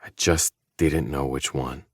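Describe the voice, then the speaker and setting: A man narrating a first-person novel in an audiobook, with a measured, low-key, intimate reading. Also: fairly even intonation, no room sound, studio quality.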